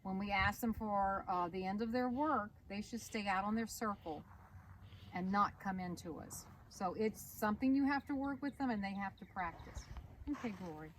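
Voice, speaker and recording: A woman's voice: medium pitch, normal speed, far from the mic. A woman riding instructor giving a practical demonstration, explaining steps and giving short firm commands to a horse. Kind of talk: outdoor horse-training demonstration. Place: outdoors in a horse arena. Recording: noisy outdoor recording with horse sounds.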